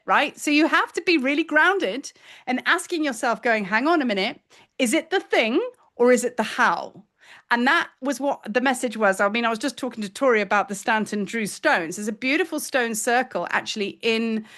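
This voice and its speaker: A woman in her fifties talks through a spiritual lesson in a casual, chatty way, acting out her own thoughts as she goes. Her voice sits a little high for a woman. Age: 50s. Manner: animated, chatty, acts out her own inner voice. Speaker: spiritual teacher. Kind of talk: casual spiritual teaching talk.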